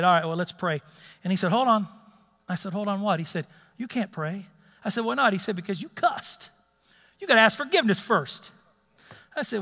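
A man preaching a sermon, telling a personal story in an animated, emphatic way. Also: high voice, big-room sound.

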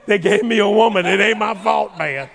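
Preacher doing a cocky teen boy, high and loud, all swagger, big echoey hall. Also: normal speed, gravelly. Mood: brash, cocky. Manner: swaggering, excited. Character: cocky brash teenage shepherd boy. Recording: long reverb of a large hall.

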